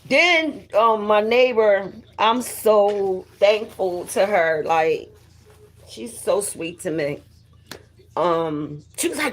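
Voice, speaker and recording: A middle-aged woman hosts a casual phone livestream, greeting viewers by name and telling stories in a chatty, profane way. Her voice is husky and a little breathy, at an ordinary middle pitch. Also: expressive, slow. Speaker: livestream host.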